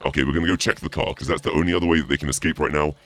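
Man with deep voice-changed growl. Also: fairly even intonation, rapid-fire, a bit bright, dry recording. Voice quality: voice-changer deepened, gravelly. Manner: swearing, frustrated, joking. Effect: voice changer pitching voice down. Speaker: gameplay streamer. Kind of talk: casual gameplay commentary.

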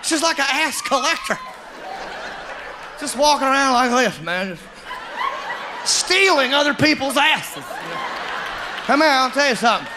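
A man performing a stand-up comedy set, telling animated stories that burst into shouting, recorded live with audience laughter. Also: extremely high pitch, unhurried, long pauses, a crowd in the background, background noise.

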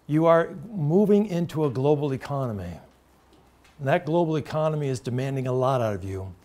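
A man's voice: medium pitch, animated, a little fast, mellow. A middle-aged man from the United States, giving a university talk to students in an earnest, storytelling way with direct questions to the audience. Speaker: lecturer. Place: lecture room.

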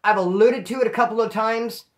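A man from California telling his own prison stories in a casual, profane, animated way and acting out what people said. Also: high voice, fairly quick. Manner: profane, animated, acts out quoted dialogue. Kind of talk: casual storytelling.

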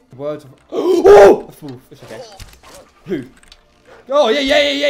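A streamer giving excitable let's-play commentary, taunting enemies in the game. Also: sits high, moderate pace. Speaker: gaming streamer.

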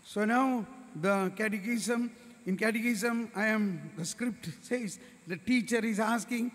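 A man's voice: high-pitched, unhurried. A man with an Indian English accent preaching a sermon at a workshop, telling stories and acting out the voices of others. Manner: storytelling, acts out voices of others. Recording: reverberant hall.

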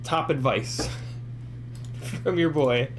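Against a noisy background, a medium-pitched man talks slowly as host of an FPV drone livestream. In his forties and a bit drunk, he rambles in casual chat full of swearing rants and laughter.

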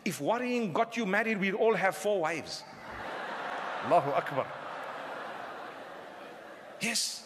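Man, preacher, humorous sermon, very high voice, long hall reverb. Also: lively intonation, slow, long pauses, noisy background. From southern Africa. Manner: humorous, addresses the crowd with questions.

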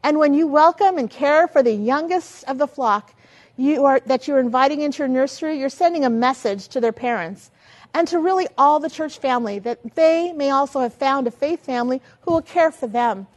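An older woman giving a lively teaching talk as a children's ministry trainer, asking many rhetorical questions. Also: sits high, normal speed.

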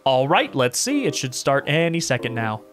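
Smug, calmly menacing mad scientist villain for a horror game, put on by a man reading it aloud, mid-range voice, game music underneath. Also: mid-range voice, moderate pace. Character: sinister adult male mad scientist villain.

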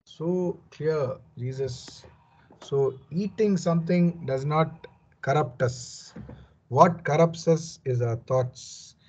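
Man, Bible commentary, earnest and emphatic, fairly high voice, breathy, dull lo-fi sound. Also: slow pace, darkish tone. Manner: earnest, emphatic explaining with frequent "you know". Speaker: Bible teacher.

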